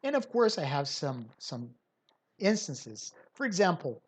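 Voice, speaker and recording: A woman lecturing on language teaching in an unhurried, measured way. Her voice sits a little low, and she explains patiently, posing rhetorical questions and pausing on fillers as she thinks. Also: lively intonation.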